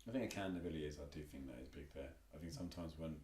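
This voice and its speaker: Young English dad, rapid storyteller, deep voice, roomy sound. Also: male voice. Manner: animated storytelling, acts out quoted dialogue. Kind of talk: casual chat.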